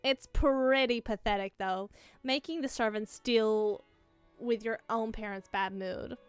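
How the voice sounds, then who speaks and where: A woman's voice: on the high side, measured pace, clean tone, no echo, soft background music, lightly acted. A woman voicing a sulky, mouthy teenage girl with a Valley girl accent. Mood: snide.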